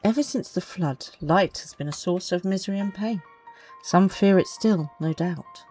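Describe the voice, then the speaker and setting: A woman voicing a stern female guard captain in a fantasy game, reading her lines in a formal, measured way. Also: on the low side, dark tone, breathy edge, faint music behind, poor audio. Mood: earnest.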